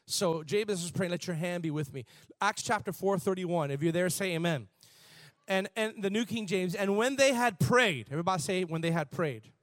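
A man preaching a sermon in an animated, conversational way, shifting from soft asides to shouts. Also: sits high, a little fast, no room sound, clean studio sound. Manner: conversational, laughs and repeats words. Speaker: pastor.

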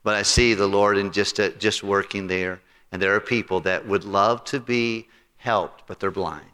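A man's voice: lowish voice, fairly even intonation, moderate pace, sharp tone, smooth. A male pastor preaching a sermon, telling stories and acting out the people in them. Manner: storytelling, acts out quotes.

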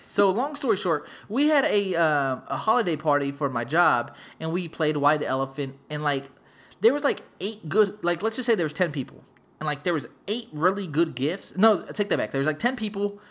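Brief: chatty man host, fairly high and very lively pitch, cursing freely as he rambles. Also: normal speed. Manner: profane, rambling, laid-back. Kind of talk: casual storytelling.

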